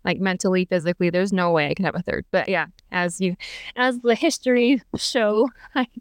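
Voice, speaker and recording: A woman's voice: on the low side, normal speed, clear, resonant tone, no echo. A young adult woman telling her own story as a podcast guest, chatty and candid, full of fillers and restarts. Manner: chatty, many fillers and restarts, laughs between thoughts.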